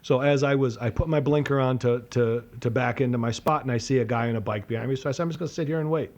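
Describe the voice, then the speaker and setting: A man's voice: mid-range voice, fairly even intonation, quick pace, darkish tone. A man co-hosting a podcast, telling a rambling, profane story in casual chat and laughing at himself. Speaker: podcast co-host.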